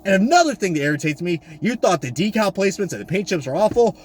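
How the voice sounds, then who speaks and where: A man ranting loudly on camera about diecast cars, swearing and swinging from high exasperated shouts down to low mutters. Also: expressive, fast. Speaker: diecast collector vlogger. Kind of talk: profane comedic rant. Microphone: camera mic.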